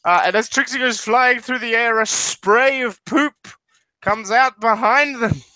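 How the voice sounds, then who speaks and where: A man's voice: very high-pitched, a little slow, bright, forceful tone, no echo, low-quality recording. A man running a comedic tabletop game as game master, narrating loosely with plenty of fillers and laughs. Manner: rambling, full of fillers and laughs.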